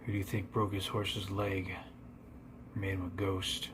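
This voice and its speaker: Man voicing a calm horned forest creature, knowing, low-pitched. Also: measured pace, noisy background. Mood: sly menace. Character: sly horned male forest creature, menacing.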